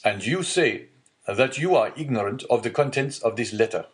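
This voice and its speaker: A man's voice: mid-range voice, expressive, moderate pace, natural voice. A man voicing a stern male deputy prosecutor in an audiobook, stiff and formal, giving orders.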